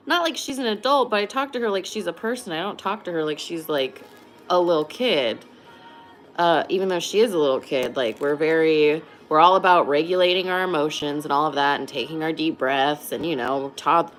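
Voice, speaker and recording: A young woman hosting a casual livestream, chatting and laughing as she answers viewers. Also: sits low. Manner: chatty, laughs often, reads and answers chat. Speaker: livestream host.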